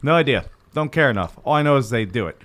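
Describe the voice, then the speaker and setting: A man's voice: medium pitch, expressive, quick pace, fairly bright tone. A man co-hosting a podcast, talking casually in a brash, crude, swearing way. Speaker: podcast co-host. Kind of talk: casual chat.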